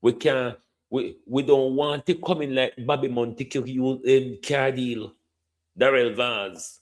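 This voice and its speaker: Man, Jamaican accent, middle-aged, unhurried, opinionated commentary, leans hard on words. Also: mid-range voice, steady tone. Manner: repeatedly addresses a minister by name, drawn-out emphasis, tag "hmm?". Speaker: political commentator.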